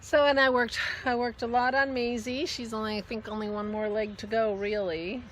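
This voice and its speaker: A woman with a bright, forceful voice talks casually as a vlog host. She rambles chattily, trails off and restarts her thoughts, and turns to coo affectionately at her dog. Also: on the high side, fairly even intonation, moderate pace, a little hiss or hum. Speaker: podcast host. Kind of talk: casual chat.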